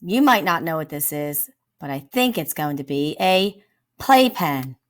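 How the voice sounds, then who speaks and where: A woman teacher giving a phonics lesson to children. She sounds out words slowly, speaks straight to the pupils and praises them often. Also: low voice, animated.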